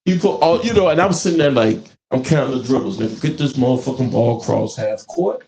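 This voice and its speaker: A podcast host with a mid-range voice talks fairly quickly on a live show, telling animated stories in casual, profane slang. The room is echoey, with faint noise.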